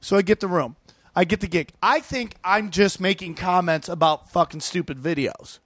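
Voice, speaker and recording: High-voiced man telling profane stories. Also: dry recording. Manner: rapid, profane, animated storytelling with acted-out quotes. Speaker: comedian guest. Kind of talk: casual podcast chat, storytelling.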